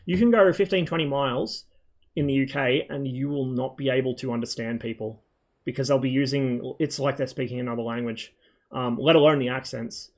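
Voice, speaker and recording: A man's voice: medium pitch, brisk, darkish tone. A man in his thirties from Australia, chatting loosely with viewers on a game stream, rambling and swearing a lot. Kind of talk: casual chat on a game stream.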